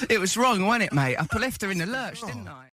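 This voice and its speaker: A radio host with a high, brightly ringing voice keeps the banter theatrical and mock-grandiose. He plays around in a lively, showy way. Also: fairly quick.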